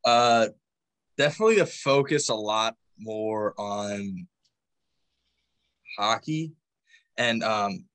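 A man's voice: lowish voice, expressive, slow pace, long pauses, a bit bright, clear, resonant tone. A young man, a college hockey player, talking casually and slangily on a podcast. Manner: laid-back, slangy, says "dude" often.

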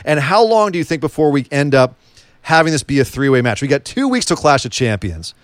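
A man's voice: a little high, very animated, brisk, dry recording. A man co-hosting a casual wrestling chat, joking around and asking lots of questions. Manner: chatty, joking, asks many questions. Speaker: wrestling podcast co-host.

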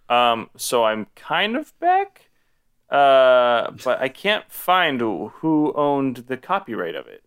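Casting note: male podcast co-host, bright, clear voice, loose, rambling film chat full of fillers. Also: mid-range voice. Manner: rambling, many fillers and restarts. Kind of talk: casual film discussion.

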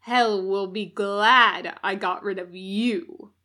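A woman voicing a menacing male demon duke who speaks slowly and loudly, sneering with cold cruelty, in an audiobook reading. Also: mid-range voice, fairly even intonation. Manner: slow, loud, hissing through teeth.

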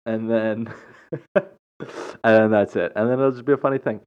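A man with a fairly low voice hosts his own podcast, telling a story off the cuff. He rambles, restarts his sentences and chuckles between thoughts, and the recording sounds dull and lo-fi. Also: steady tone, normal speed, clean tone. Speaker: podcast host. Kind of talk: casual storytelling monologue.

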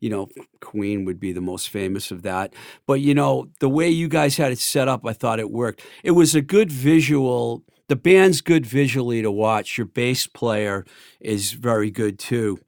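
A man's voice: medium pitch, unhurried, creaky, a little mellow, no echo, studio quality. A man hosting a casual interview, asking questions conversationally with short interjections. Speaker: interview host.

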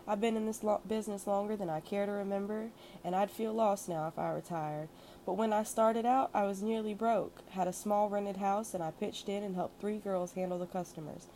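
A woman voicing a warm, blunt old madam. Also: medium pitch, steady tone, moderate pace, a little hiss or hum, close to an everyday voice, poor audio. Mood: frank. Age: older. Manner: soft, warm, cultured, sometimes peevish and blunt. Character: kindly elderly wealthy madam, blunt and warm.

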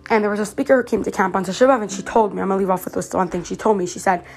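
A Canadian teenage girl who is slightly sick hosts her own podcast, delivering a casual personal monologue in a chatty, earnest way. Her mid-range voice comes rapid-fire, full of fillers and restarts.

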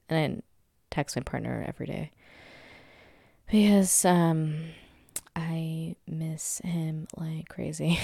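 A young woman in her twenties chats through her own podcast from home. Her voice sits low and gravelly, with a dry, close sound. She talks candidly, swears freely and laughs often. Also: mellow, no room sound. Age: 20s. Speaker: podcast host. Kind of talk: casual solo podcast chat.

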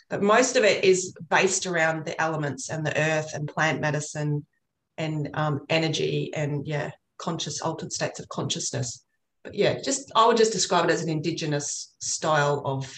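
This woman has a low voice and speaks at normal speed, recorded with a roomy echo. She's chatting casually in an interview, earnestly rambling through stories about being an energy healer.

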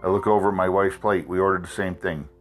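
A man's voice: sits low, fairly even intonation, fast, faint music behind. A man telling a story about bad restaurant service as a blunt, profanity-filled complaint, exasperated throughout.

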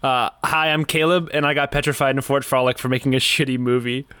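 Bright-voiced man, rambling jokey co-host. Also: medium pitch, steady tone, fast, clear, resonant tone. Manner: rambling, jokey, hesitant with fillers. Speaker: podcast co-host. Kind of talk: casual comedic podcast chat.

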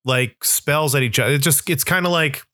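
Podcast dude rambling away, bright voice, lots of "like", dry close sound. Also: male voice, fairly high pitch, normal speed, dry recording. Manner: rambling, animated, lots of "like" and restarts. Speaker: podcast co-host. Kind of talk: casual chat.

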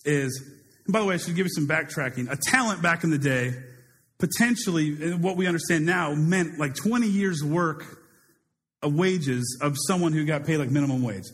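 Preacher guy, slightly high voice, super casual sermon, big echoey hall. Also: normal speed. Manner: casual, animated paraphrasing with acted quotes.

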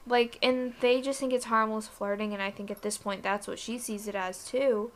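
Young female co-host, slightly high voice, candid casual chat with a lively edge. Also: moderate pace. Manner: candid, animated, swears casually. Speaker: podcast co-host.

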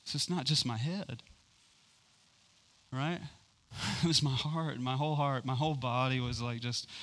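A man's voice: mid-range voice, fairly even intonation, measured pace, a bit bright. A man telling a rambling personal story in a sermon, with many fillers and frequent laughs. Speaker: preacher. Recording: hall reverb.

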